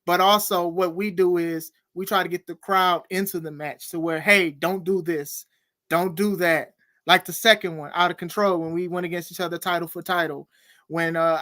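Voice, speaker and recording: A man hosting a podcast interview in casual chat, animated and laughing often, reading viewer comments aloud. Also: high voice, dry recording, clean studio sound. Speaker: podcast host.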